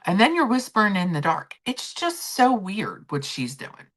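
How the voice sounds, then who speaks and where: A woman's voice: medium pitch, very animated, moderate pace. A woman hosting a casual chat livestream, rambling and swearing freely as she talks to her viewers. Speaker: livestream host.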